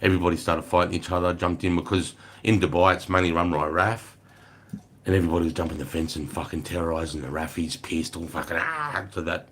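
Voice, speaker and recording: A middle-aged Australian army veteran talking casually on a livestream, telling war stories in a blunt, profane, rambling way. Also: male voice, sits low, fast, a bit bright, slight background noise.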